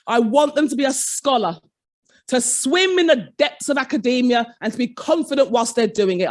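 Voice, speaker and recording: A middle-aged woman, a former head teacher giving a conference keynote, telling a story and acting out the voices of her staff. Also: fairly high pitch. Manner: dramatic, acts out quoted staff in shifting voices. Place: conference hall.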